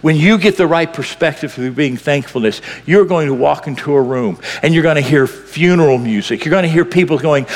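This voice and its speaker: A man preaching a sermon as pastor, impassioned, swinging between loud bursts and hushed lines. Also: on the high side, fairly quick, hardly any pauses, in a large hall.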